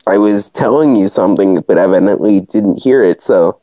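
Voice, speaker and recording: A man's voice: on the low side, moderate pace, dark tone, dry recording. A man playing a tabletop game, laid-back, explaining his character's actions plainly. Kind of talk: casual tabletop role-play.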